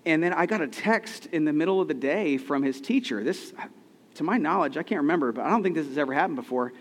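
Male pastor, thirties, slightly high voice, earnest conversational sermon, long hall reverb. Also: lively intonation, fast talker. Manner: conversational, earnest, rhetorical questions.

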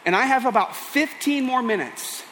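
A man's voice: very high-pitched, animated, moderate pace, fairly bright tone, a little hiss or hum. A male pastor preaching a sermon, earnest and pleading as he tells a story.

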